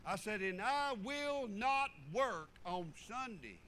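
A man delivers a folksy sermon in a high, bright voice. He swings between fervent, loud preaching and low, muttered asides. Faint ambience sits under the recording. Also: animated, takes it slowly, a little hiss or hum, rough recording.

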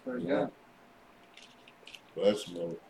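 A man's voice: on the low side, huge pitch swings, slow pace, vocal fry, mellow. A man in a congregation responding with short amens and calls of praise. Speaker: congregation member. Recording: echoey room, far from mic.

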